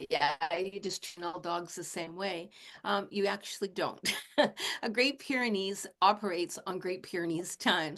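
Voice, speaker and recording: A woman in her late sixties, a shamanic teacher, talking in a gentle, casual teaching manner and chuckling often. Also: mid-range voice. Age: 60s. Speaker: shamanic teacher and animal communicator.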